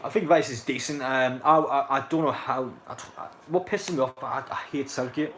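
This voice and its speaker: A young man from North East England casually commentates a live football match, rambling to viewers and reacting to chat with plenty of fillers. His voice is medium-pitched and a bit bright, at a normal speed.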